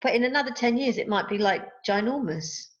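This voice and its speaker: A woman's voice: on the high side, animated, a little fast. A woman co-hosting a vocal group's update, chatting in a playful, silly, self-mocking way over a video call. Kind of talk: casual chat on a video call. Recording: dull lo-fi video call audio.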